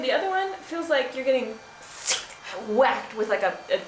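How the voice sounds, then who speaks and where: A woman's voice: high-pitched, sing-song, normal speed. Woman vlogging at home, playful n giggly, bit of room echo and faint hiss. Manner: playful, giggly, dramatic about pain. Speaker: lifestyle vlogger. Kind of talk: casual chatty vlog.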